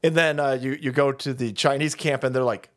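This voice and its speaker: A man's voice: medium pitch, steady tone, a little fast, a bit bright. A man hosting a livestream, ranting in a casual, profane and sarcastic way and laughing often. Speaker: livestream host. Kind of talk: casual political rant.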